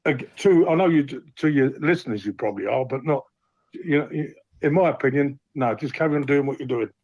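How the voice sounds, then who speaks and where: A man's voice: medium pitch, brisk, a little mellow, no echo, muffled recording. A man calling into a live fan show, talking in a rambling, frank way and swearing freely. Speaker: caller. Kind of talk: phone-in chat.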